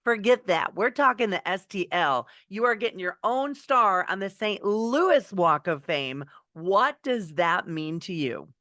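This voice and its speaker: A woman's voice: mid-range voice, lively intonation, a little slow, few pauses, a bit bright, no echo, studio quality. A woman hosting an interview, asking encouraging, upbeat questions in casual chat. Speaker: host.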